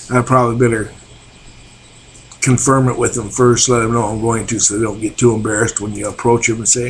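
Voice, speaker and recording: Older man, relaxed folksy yarn-spinner, chuckles, mid-range voice, webcam sound. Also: medium pitch, slight background noise. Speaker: vlogger. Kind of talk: casual storytelling.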